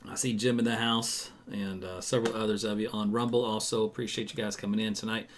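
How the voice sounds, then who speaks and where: A man's voice: lowish voice, level tone, fast, a little hiss or hum. A man, a meteorologist chatting loosely through a live weather forecast with lots of fillers and asides to viewers.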